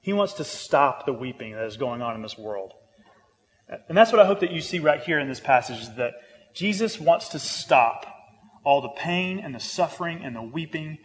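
A man preaching a sermon, earnest, repeating phrases for emphasis and turning lively when he jokes. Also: mid-range voice, long reverb tail. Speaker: pastor.

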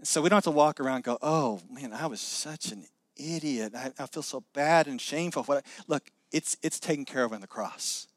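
A middle-aged man preaching a sermon, animated, acting out quoted voices with many restarts. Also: mid-range voice, brisk, few pauses, no echo. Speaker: pastor.

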